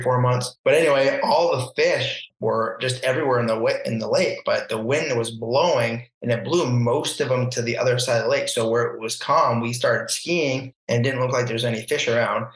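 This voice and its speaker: A man, a guest on a podcast, telling a story in a casual, animated way and acting out the voices he quotes. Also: medium pitch. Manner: animated, acts out quoted voices, laughs often. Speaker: podcast guest, barefoot water skier. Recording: roomy echo.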